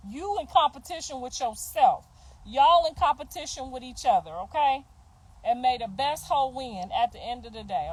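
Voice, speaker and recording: A middle-aged woman with a high voice delivers a heated, casual rant. She is profane, sassy and confrontational, and she laughs between her jabs as she speaks up for herself as a mother. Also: a little mellow, rough recording. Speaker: mother ranting on a livestream.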